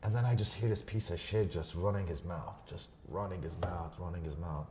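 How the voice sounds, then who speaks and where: A man on a podcast telling a story in a casual, profane way, swinging between loud bursts and hushed asides. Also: deep voice, fairly even intonation, a little fast, noisy background. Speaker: podcast guest.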